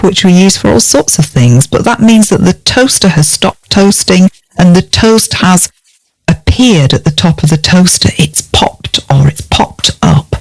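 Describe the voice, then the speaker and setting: Female teacher, lowish voice, dry close sound, measured and clear. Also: no room sound. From United Kingdom. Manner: spells words out letter by letter, clear and measured. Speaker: English teacher. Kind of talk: scripted vocabulary lesson.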